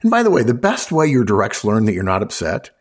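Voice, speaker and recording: A man's voice: lowish voice, huge pitch swings, fast talker. A man hosting a talk show, giving conversational management advice and acting out the dialogue he quotes. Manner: acts out quoted dialogue with a chuckle. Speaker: podcast host.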